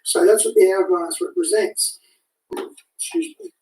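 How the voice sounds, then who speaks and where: An animated woman talks casually, her pitch leaping up and down as she restarts and repeats her words. Her voice is mellow and sits a little high. She sounds far from the mic in an echoey room. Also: a little slow. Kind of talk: casual spoken commentary.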